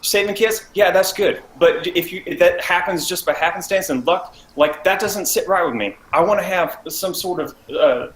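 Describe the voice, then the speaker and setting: A high-voiced man arguing heatedly in character during a tabletop game session. He stammers and sounds defensive. The room is echoey, with faint noise behind him. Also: normal speed, hardly any pauses, fairly bright tone. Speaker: player.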